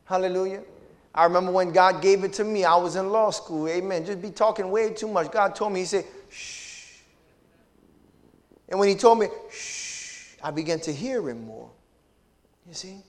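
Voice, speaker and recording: Pastor man preaching, high voice, lots of hallelujah and amen, big churchy reverb. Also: fairly quick. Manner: call-and-response preaching with frequent hallelujahs and amens. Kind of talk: sermon. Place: church sanctuary.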